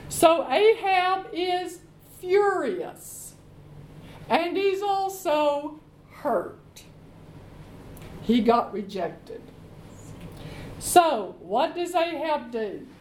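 A woman preacher retelling a story in a sermon, lively and acting out each quote. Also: high voice, extremely slow, pauses often, roomy sound, a little hiss or hum, low-quality recording.

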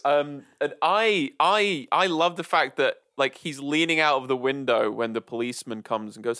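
A man co-hosting a podcast, talking about films in an animated way, laughing often. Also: mid-range voice, normal speed, hardly any pauses, dry recording, studio quality. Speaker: podcast co-host. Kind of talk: casual film discussion.

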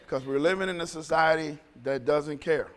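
A male pastor preaches a sermon in a large hall, his voice a little high and somewhat bright. He moves briskly and speaks conversationally, telling stories and often repeating phrases.

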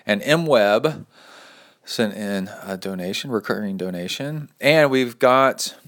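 Man, very deep voice, playful, casual podcast host, reads listener mail aloud. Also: fairly bright tone. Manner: chatty and playful, reads emails with dramatic flair and quick asides. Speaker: podcast host and triathlon coach.

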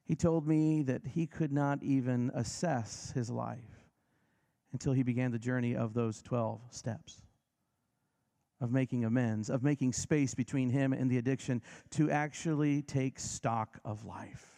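A man delivering a sermon with an ordinary, mid-pitched voice. He preaches emphatically, stretching some phrases slowly and rushing others, letting his voice sink low and then climb again. At times he calls on his listeners to repeat lines after him. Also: steady tone, gravelly, warm tone. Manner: emphatic, varies pace and volume for effect; leads the congregation in repeating lines.

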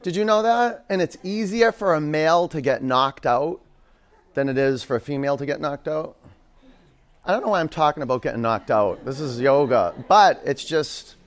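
A man's voice: fairly high pitch, moderate pace. A man teaching a live yoga class in a studio, giving pose cues and chatting with jokey asides to his students.

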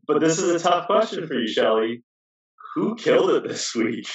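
A man co-hosting a casual podcast chat, relaxed and full of fillers, chuckling at the lines he retells. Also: fairly high pitch, moderate pace. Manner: relaxed, filler-heavy, chuckles at his own quotes. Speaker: podcast co-host. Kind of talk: casual chat recapping a reality show. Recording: distant roomy dull sound.

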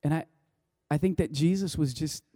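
A man delivers a sermon as a rambling, conversational story, stopping and restarting his sentences. His voice sits a little high but sounds deeply mellow and warm. The recording is close and dry, with no room sound. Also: moderate pace, slightly rough, no room sound. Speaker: pastor.

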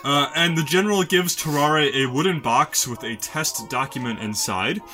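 A man's voice: a little high, moderate pace, pushed and bright, soft background music. A man hosting a casual podcast. He tells a history story, often laughs mid-sentence and swears freely.

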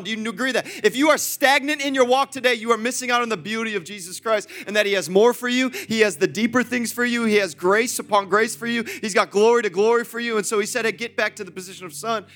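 A man pastor preaching an energetic, repetitive sermon in a church, laughing often. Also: very high voice, fast, few pauses. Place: church auditorium.

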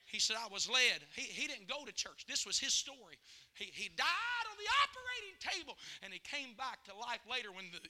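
A man preaches in a church, telling stories in a hushed voice and then rising to shouted, fervent calls to the congregation. His voice sits very high and cuts with a sharp, bright edge. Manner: builds from quiet storytelling to shouted preaching. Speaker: guest preacher. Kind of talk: revival sermon with storytelling. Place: church sanctuary.

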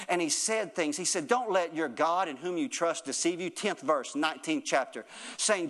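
Man, preacher, high voice, sermon, repetitive cadence, calls to congregation, fervent. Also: a bit bright. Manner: builds to fervent, raised delivery.

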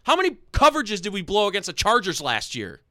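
A man ranting angrily about his football team on a podcast, loud and swearing, repeating himself. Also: sits high, wildly swooping pitch, no room sound, studio quality. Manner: angry, loud, swearing, fast repeated phrases. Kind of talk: heated sports fan rant.

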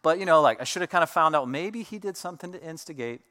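A man in his thirties preaches to his congregation with a bright, forceful voice pitched a little high. He tells stories in a relaxed, conversational way, full of fillers and asides. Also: fast talker, hardly any pauses. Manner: conversational storytelling with many fillers. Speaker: pastor. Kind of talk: sermon.

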